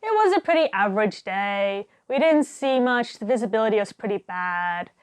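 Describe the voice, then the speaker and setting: A young woman telling a diving story in a casual, animated way, laughing often and acting out what people said. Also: mid-range voice, moderate pace, clean tone. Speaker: diver telling stories.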